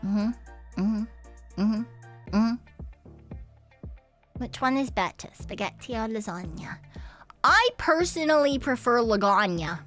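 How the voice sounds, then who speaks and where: A woman's voice: fairly high pitch, expressive, takes it slowly, pauses often, a bit bright, soft background music. A young woman from Canada, streaming a game and chatting casually, rambling and swearing freely as she tells a story with giggles. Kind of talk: casual chat while gaming.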